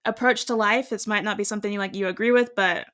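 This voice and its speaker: Bright-voiced woman podcast co-host. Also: medium pitch, fairly even intonation, quick pace. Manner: talkative, musing, poses long questions. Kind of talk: casual chat.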